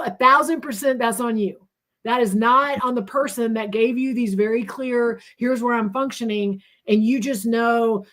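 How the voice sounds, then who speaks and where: A woman co-hosts a casual live stream, pressing her advice home by repeating key lines. Her voice sits a little high. She talks frankly and emphatically. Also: moderate pace. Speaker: co-host of a live show.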